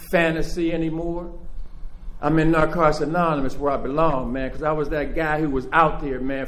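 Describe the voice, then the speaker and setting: A man giving a profane, streetwise recovery talk as guest speaker at a conference, building up to shouting like a preacher. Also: on the high side. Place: conference hall. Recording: echoey hall.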